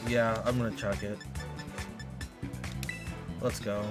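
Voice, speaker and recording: A man streaming a game live, excitable and exasperated, talking to his chat and to the game. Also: on the low side, slow pace, over loud music.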